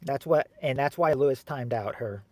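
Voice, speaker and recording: A man hosting a game show game on a livestream, joking with viewers in chat and loudly repeating the answers. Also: medium pitch, moderate pace, no echo. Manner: jokey and teasing, calls out answers loudly and repeats them. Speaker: livestream host running a family game show game. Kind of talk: casual livestream chat, reading viewers' guesses.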